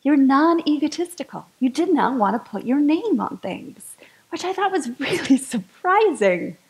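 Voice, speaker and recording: A woman's voice: sits high, big pitch swings, normal speed, poor audio. A woman giving a chatty, enthusiastic sermon-style talk to a spiritual community gathering.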